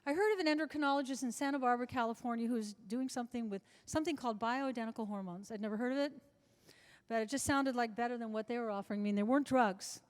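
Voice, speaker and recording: A woman's voice: on the high side, quick pace. A woman in her seventies, a guest in a live interview before an audience, telling long anecdotes with frequent restarts. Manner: chatty anecdotal storyteller with many restarts. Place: large club function room before an audience. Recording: reverberant hall.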